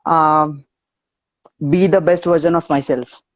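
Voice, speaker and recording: A man's voice: a little high, fairly even intonation, takes it slowly, no room sound. A man being interviewed as a student guest on a live video call, giving short, hesitant answers that often repeat. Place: outdoors walking home. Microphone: phone on a video call. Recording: muffled phone call audio.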